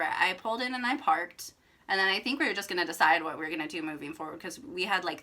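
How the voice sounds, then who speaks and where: Bright-voiced young woman telling a story. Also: medium pitch. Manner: chatty, filler-heavy with frequent "like", emphatic. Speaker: vlogger. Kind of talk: casual storytelling to camera.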